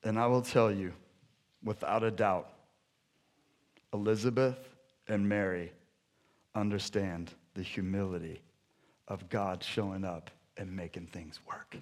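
A man preaching a sermon, retelling stories with lively energy and then dropping to soft, hushed appeals. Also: low voice, unhurried, pauses often. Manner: animated storytelling that drops to soft, hushed appeals. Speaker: pastor.

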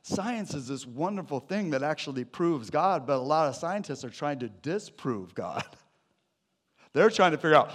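A man preaching a sermon to his church, animated and jokey, with sudden loud bursts. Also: fairly high pitch, moderate pace. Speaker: pastor.

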